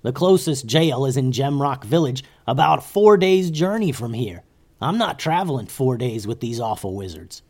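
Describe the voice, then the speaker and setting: A man's voice: mid-range voice, expressive, normal speed, a little mellow. A man voicing a stern, precise ninja leader in a children's story, lecturing in a raised, bossy voice.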